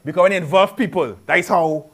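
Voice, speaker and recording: A man preaching a sermon in a lively, conversational way, with rhetorical questions, repetition and humorous asides in local speech. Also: high-pitched, a little fast.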